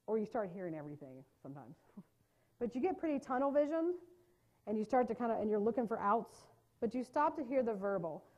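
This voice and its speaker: A woman with a somewhat high voice gives a live workshop lecture on trauma-informed care. Her delivery is lively and conversational, and she keeps checking in with her listeners.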